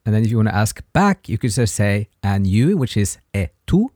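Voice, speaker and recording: A man hosting a podcast and teaching a language lesson, patiently repeating short phrases slowly for listeners to practice. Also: lowish voice, sing-song, darkish tone, dry recording, studio quality. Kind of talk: slow spoken language lesson.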